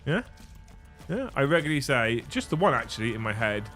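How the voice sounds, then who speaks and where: A man's voice: mid-range voice, sing-song, a little fast, fairly bright tone, faint music behind. Sweary man hosting a livestream. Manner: sweary, rambling banter. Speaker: livestream host. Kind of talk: casual livestream chat.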